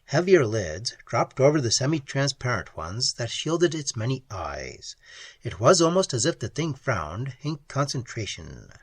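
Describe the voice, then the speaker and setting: Audiobook narrator, slow and breathy, really swoopy dramatic delivery, dry close mic. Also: dry recording. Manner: lively, dramatic storytelling, swinging widely in pitch.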